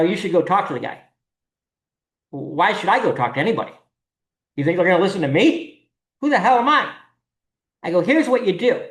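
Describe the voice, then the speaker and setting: A podcast host who organizes singles events rants bluntly, swearing freely as the point gets hammered home. The voice sits at a middle pitch and rings in a roomy, echoey space. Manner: blunt, profane, ranting. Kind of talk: casual podcast monologue. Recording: roomy echo.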